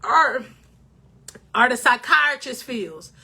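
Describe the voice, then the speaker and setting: Bright high-voiced woman life coach. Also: expressive, normal speed. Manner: emotional, preachy, addresses viewers as king or queen. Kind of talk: motivational talk to camera.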